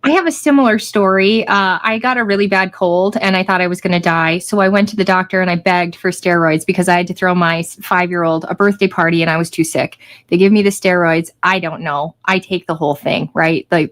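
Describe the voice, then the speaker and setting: A woman on a casual panel chat, telling a story in a brisk, matter-of-fact way. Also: fairly low pitch.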